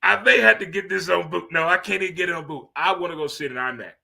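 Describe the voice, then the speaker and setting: Man in his fifties, host, bright forceful delivery, voice sits a bit high. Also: fast talker, vocal fry. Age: 50s. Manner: animated, preachy, swearing, laughing asides. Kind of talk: casual radio-style monologue.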